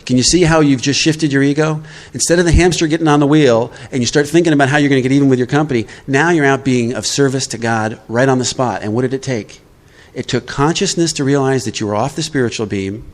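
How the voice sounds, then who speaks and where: A man speaking at a live recovery workshop, talking plainly and conversationally. His pitch sits in the middle for a man, and he keeps pausing to check that his listeners follow him. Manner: conversational, checks in with "all right?".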